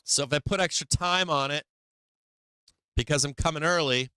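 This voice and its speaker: Host: man, bright, crisp voice, profane and animated, live trading commentary, dry close mic. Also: a little high, moderate pace, dry recording. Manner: profane, animated, laughs often, acts out the market. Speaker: livestream trading show host.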